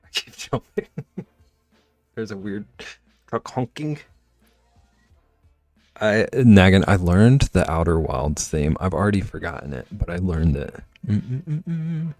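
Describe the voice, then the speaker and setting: A man's voice: sits low, gravelly, darkish tone, no echo. A man livestreaming, chatting casually and teasing his viewers as he reacts to chat from home.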